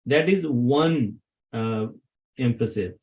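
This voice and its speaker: A man's voice: medium pitch, takes it slowly, a little mellow, rough recording. A man teaching Arabic grammar to a class, often asking his students questions to check they follow.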